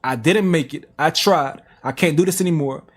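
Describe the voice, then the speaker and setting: A man's voice: a little high, moderate pace. A man reading text messages aloud on a reaction stream, with slangy asides. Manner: plain reading broken by slang asides and laughs.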